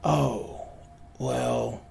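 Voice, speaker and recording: A man voicing a pale, skeletal, seven-foot-tall male fae creature who speaks barely above a whisper, in a soft, mumbling, apologetic way. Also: mid-range voice, slow pace, gravelly. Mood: sheepish. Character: towering skeletal pale male fae, timid and laid-back.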